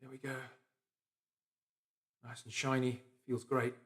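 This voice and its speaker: A man hosting a casual workshop stream, chatting to viewers and a helper as he works. His volume swings between loud, excited bursts and quiet mumbles to himself. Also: mid-range voice, takes it slowly. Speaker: guitar builder hosting a livestream. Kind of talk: casual workshop chat while working.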